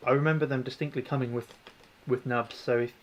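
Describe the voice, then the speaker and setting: A man's voice: medium pitch, steady tone, brisk, a little hiss or hum. A man hosting a casual livestream, chatting and rambling while he services an airsoft gun and answers viewers. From New Zealand. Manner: rambling, chatty, self-deprecating, answers chat. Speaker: airsoft tech livestream host.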